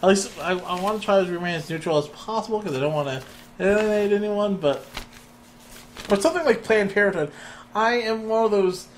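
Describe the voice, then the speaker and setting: A young man co-hosting a casual podcast, soft-spoken and hesitant, often trailing off. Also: a little fast, slight background noise. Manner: hesitant, low-key, soft. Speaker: podcast co-host. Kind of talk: casual chat.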